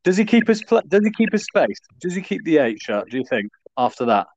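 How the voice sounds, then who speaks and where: A man's voice: fairly high pitch, big pitch swings, a little fast, darkish tone, no room sound. A man co-hosting a casual sports chat, blunt and bantering, swearing casually. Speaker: podcast co-host. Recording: dull lo-fi dry recording.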